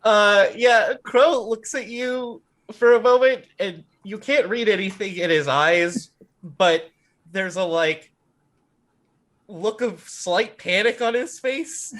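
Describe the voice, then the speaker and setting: This is a man with a notably high voice playing a tabletop game. He narrates his character's moves slowly and hesitantly, as if thinking aloud. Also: a bit bright. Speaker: player.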